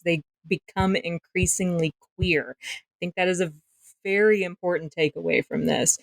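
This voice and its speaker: A woman co-hosts a casual podcast and keeps it playful with jokey asides. Her voice sits a little low. The sound is dry and close. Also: no room sound. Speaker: podcast co-host.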